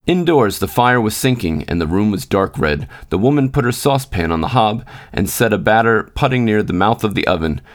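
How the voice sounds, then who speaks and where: A man reading a literary short story aloud as a podcast storyteller, steady and unhurried. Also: lowish voice. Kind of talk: measured literary narration.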